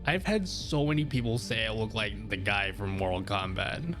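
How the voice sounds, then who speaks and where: With a lowish voice and a moderate pace, a man talks easygoingly to his live stream viewers, rambling and laughing a lot. Faint music plays behind him, and he's on a studio mic run through an audio mixer.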